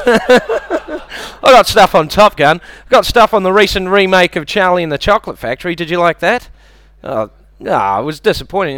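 Deadpan New Zealand comedian, smooth voice. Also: male voice, high voice, no echo. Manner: deadpan, self-deprecating, bantering with the audience. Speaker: stand-up comedian. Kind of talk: stand-up comedy routine. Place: comedy club stage.

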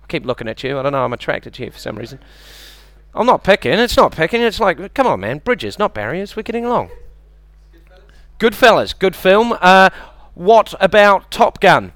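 New Zealand stand-up, slightly high smooth voice, dry close mic, deadpan crowd-work. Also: male voice, moderate pace, dry recording. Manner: deadpan, self-deprecating, bantering with the audience. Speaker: stand-up comedian. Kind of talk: stand-up comedy routine. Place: comedy club stage.

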